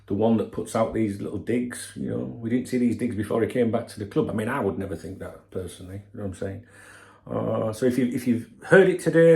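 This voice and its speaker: A man's voice: medium pitch, creaky, a little mellow, echoey room. A man hosting a football channel, giving a blunt, sweary opinion rant straight to his viewers. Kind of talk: casual opinion commentary.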